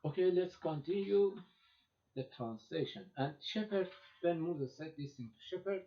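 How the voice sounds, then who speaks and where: A man lecturing on classical poetry, reading lines quickly and then translating them into halting English with many repeated words. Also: a little high, animated. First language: Persian. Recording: dull lo-fi recording.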